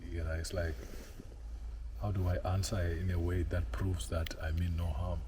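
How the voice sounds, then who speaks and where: Deep-voiced man, earnest storyteller. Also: little pitch movement, background noise. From South Africa. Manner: earnest, halting, repeats words as he searches. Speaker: co-host telling a personal story. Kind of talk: reflective personal storytelling. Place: outdoors in a forest.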